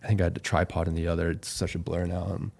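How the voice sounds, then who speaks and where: Deep, gravelly-voiced calm man. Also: racing. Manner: calm, laid-back. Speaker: podcast guest. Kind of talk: casual storytelling.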